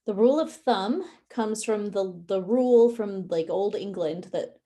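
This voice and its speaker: A woman leading a guided session for releasing perfectionism, speaking in a calm and instructive way, with tapping and breathing directions. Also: medium pitch, measured pace. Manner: calm, instructive, with some fillers.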